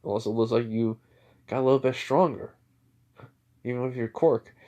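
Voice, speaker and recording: A man's voice: mid-range voice, fairly even intonation, moderate pace, mellow, highs cut off, close to an everyday voice. A man voicing a laid-back, teasing older brother, a villain who watches out for his younger brother.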